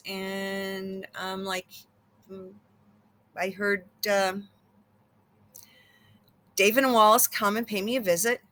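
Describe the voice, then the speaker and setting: Slow, bright-voiced woman psychic chatting. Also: mid-range voice. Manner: rambling, many fillers and restarts. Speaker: psychic channel host. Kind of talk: casual chat.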